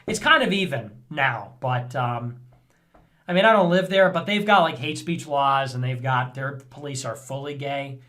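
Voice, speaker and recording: A man hosting a vlog in a casual commentary style, rambling, sarcastic and thinking out loud. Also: mid-range voice, moderate pace. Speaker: vlog host reading viewer messages.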